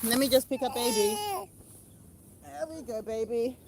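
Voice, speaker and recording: High-voiced mum teaching a toddler. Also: female voice, measured pace, crowd noise. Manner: animated, sing-song, coaxing. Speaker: mother and host of a kids' learning video. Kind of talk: playful teaching to a small child.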